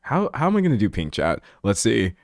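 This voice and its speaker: A young man streaming live, chatting with his viewers in a joking, self-mocking way. His pitch jumps around a lot. The sound is dry and close, with hardly any room around it. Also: huge pitch swings, fairly quick, creaky, no echo. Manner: self-deprecating, chatty, laughs often. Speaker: livestreamer. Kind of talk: casual live-stream chat while editing.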